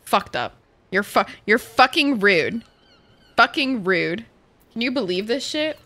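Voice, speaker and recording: Bright-voiced woman streamer. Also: fairly high pitch, animated. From Canada. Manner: chatty, profane, quick to react to chat, switches into Arabic. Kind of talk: casual live-stream chat while gaming.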